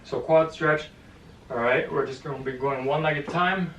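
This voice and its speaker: A man's voice: fairly high pitch, normal speed, fairly bright tone, a little hiss or hum. A male boxing fitness coach leading a home stretching workout, counting holds aloud with encouraging cues and sounding a little out of breath. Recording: echoey room, mic at a distance.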